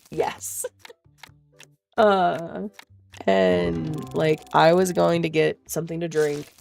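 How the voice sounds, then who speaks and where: A woman chats through a storytime vlog in a loose, blunt way, swearing freely and laughing as she goes. Her voice has a gravelly, fry-edged texture. Faint music sits quietly underneath. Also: sits low. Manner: blunt, profane, laughs often. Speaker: vlogger telling a story. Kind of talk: casual storytime chat.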